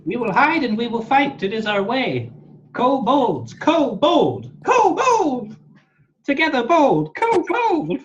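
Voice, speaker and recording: A man voicing a proud, stubborn little kobold in a squeaky, sing-song high voice. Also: very animated, unhurried, fairly bright tone, breathy edge, dull audio, heavily acted. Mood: defiant. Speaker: game master.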